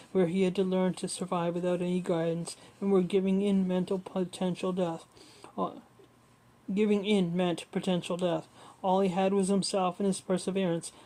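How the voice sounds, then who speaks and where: Woman reading a memoir at home, low-ish mellow voice, pretty flat, trips on words and fixes them. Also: rough recording. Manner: steady reading with frequent slips and self-corrections. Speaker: audiobook reader. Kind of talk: memoir read aloud.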